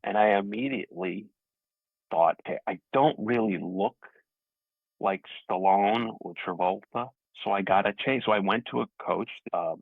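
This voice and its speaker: Gravelly, husky man from New York, guest actor telling stories, thin phone-line sound. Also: fairly low pitch, moderate pace, dry recording. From Staten Island, New York. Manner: rambling, self-deprecating storyteller. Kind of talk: casual interview conversation. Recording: tinny phone-like dry audio.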